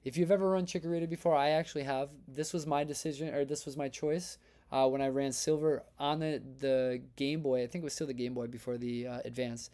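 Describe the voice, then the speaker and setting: A man's voice: medium pitch, fairly even intonation, fairly quick, warm tone. A man hosting a live stream, chatting casually and energetically with his chat and reading out their votes. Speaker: livestream host.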